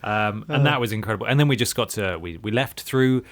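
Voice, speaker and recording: A man's voice: expressive, fairly quick. A man co-hosting a podcast in casual, joking chat. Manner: bouncy, jokey, swings pitch a lot. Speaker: podcast co-host.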